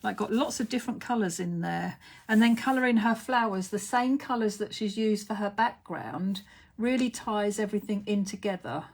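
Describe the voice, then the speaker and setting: A woman's voice: medium pitch, moderate pace. A middle-aged British woman hosting a casual craft live stream, gushing with praise as she shows cards.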